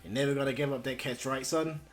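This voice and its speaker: A man voicing a tough warrior father who teases his son in a loud, jovial way. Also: medium pitch, steady tone, fast, faint music behind, close to an everyday voice. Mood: teasing.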